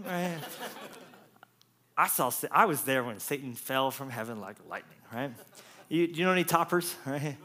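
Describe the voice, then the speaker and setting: A man preaching a lively, jokey sermon as pastor, acting out quotes with playful voices. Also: mid-range voice, moderate pace.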